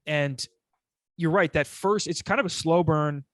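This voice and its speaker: Fairly high-voiced man, rambling casual chat. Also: measured pace, fairly bright tone, no echo, clean studio sound. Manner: rambling, profane, many restarts. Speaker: podcast co-host.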